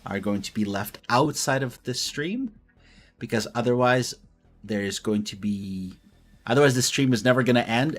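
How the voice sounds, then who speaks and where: A man hosting a live stream, calling a competitive match in a casual, joking way. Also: fairly low pitch. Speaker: host.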